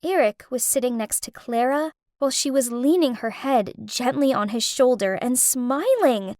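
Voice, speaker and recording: A woman tells a dramatic story in the first person. Her voice sits high and swings widely as she narrates. The sound is dry and close. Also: lively intonation, moderate pace, darkish tone, no room sound. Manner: emotional, dramatic delivery.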